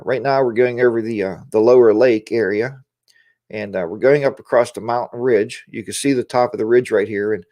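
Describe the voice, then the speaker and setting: A man's voice: medium pitch, darkish tone. Chatty rambling man hosting a livestream. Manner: rambling, chatty, greets viewers by name. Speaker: livestream host. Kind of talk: casual livestream chat. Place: home studio. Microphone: lapel mic.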